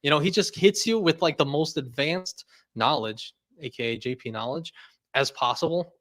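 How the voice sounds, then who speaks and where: Young dude hosting a stream, lots of like and laughs, goes on tangents. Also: male voice, a little high, normal speed, fairly bright tone. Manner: rambling, laughs often, lots of "like" fillers. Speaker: host. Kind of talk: casual livestream chat.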